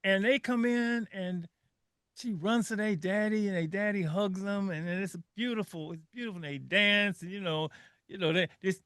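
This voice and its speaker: Bright, high-voiced older male radio host. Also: normal speed, clean tone, no room sound. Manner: animated storyteller, emotional, repeats words. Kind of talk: casual radio panel talk.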